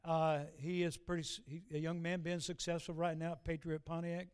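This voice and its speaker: A man's voice: fairly high pitch, little pitch movement, a little fast, smooth. A middle-aged man, preaching a sermon with folksy, self-deprecating stories. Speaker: pastor.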